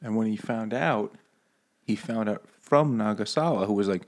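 A man's voice: fairly low pitch, fairly even intonation, fairly quick. Joking man in casual banter. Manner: joking, self-deprecating banter. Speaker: podcast co-host. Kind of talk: casual book-club chat.

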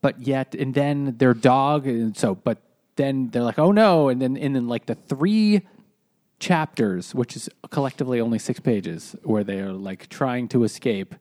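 A young man co-hosting a comedy podcast, recounting things in a rambling, halting way with lots of fillers. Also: medium pitch, darkish tone, dry recording, clean studio sound. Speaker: podcast co-host. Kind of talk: casual comedic chat.

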